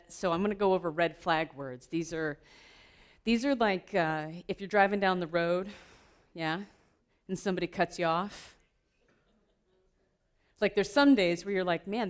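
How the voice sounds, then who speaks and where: A woman giving a playful, lively keynote talk at a conference, laughing often with the audience. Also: mid-range voice. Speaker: keynote speaker. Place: conference room.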